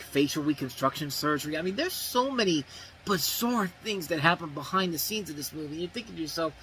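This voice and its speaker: Man, movie review host, rambling casual talk, bright higher voice, faint background hiss. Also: poor audio. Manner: rambling, self-correcting, many "I mean"s.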